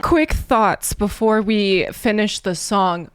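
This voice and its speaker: A woman's voice: medium pitch, slow pace, over music. Earnest woman reacting to a song. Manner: earnest, rambling, emotional. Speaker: music reaction host. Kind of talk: casual reaction commentary.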